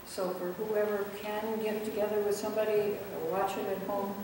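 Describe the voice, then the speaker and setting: Woman pastor, calm and measured, recorded from a distance in a roomy church with a long reverb. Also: mid-range voice. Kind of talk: prayer and church announcements. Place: church sanctuary. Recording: echoey church hall, distant mic, faint noise.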